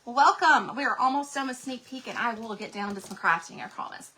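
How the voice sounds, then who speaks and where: Woman, craft livestream host, slightly high and bright voice, bubbly and chatty with her viewers. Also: fairly quick, a little hiss or hum. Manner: bubbly, gushing, chatty, talks to viewers in the chat. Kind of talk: casual craft livestream chat.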